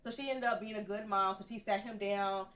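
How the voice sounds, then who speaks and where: A woman's voice: medium pitch, a little fast. A young adult woman hosting a podcast, telling a story in casual chat and acting out what people said. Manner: lively storyteller who acts out what people said. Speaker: podcast host.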